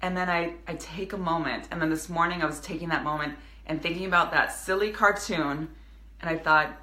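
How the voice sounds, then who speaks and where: A woman's voice: lowish voice, fairly even intonation, a little fast, pushed and bright, reverberant. A woman in her thirties, a business coach speaking earnestly to her viewers in a live video, with many restarts. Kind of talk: casual motivational live video.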